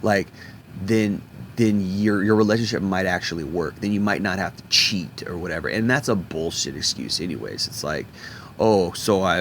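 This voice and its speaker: A man with a very low voice rants straight to his audience. He talks bluntly, swears freely and keeps stumbling into restarts and repeats as he pushes his point. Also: a bit bright, a little hiss or hum. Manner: blunt, profane, repetitive restarts. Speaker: video commentator. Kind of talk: ranting monologue.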